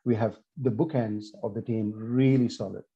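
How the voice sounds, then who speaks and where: Dark-voiced man musing on a podcast. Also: fairly low pitch, steady tone, normal speed, dull audio. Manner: thoughtful, hesitant with fillers. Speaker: podcast co-host. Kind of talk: casual chat.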